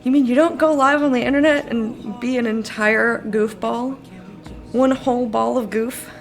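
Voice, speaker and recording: A woman's voice: fairly high pitch, fairly even intonation, normal speed, soft background music. A tired woman chatting casually on a live stream, rambling, laughing often and answering her chat. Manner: giggly, rambling, reads chat aloud. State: sleepy.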